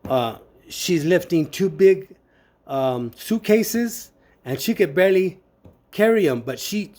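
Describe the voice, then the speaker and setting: His voice sits high and expressive with a darkish tone as he gives personal testimony about his family. He stumbles through it with frequent pauses and fillers, voicing the quoted dialogue himself.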